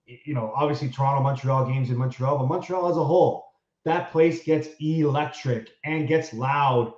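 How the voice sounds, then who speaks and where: A man's voice: a little high, a little mellow, echoey room, lo-fi sound. A man, a former hockey player, co-hosting a casual sports betting chat with conversational, emphatic bursts.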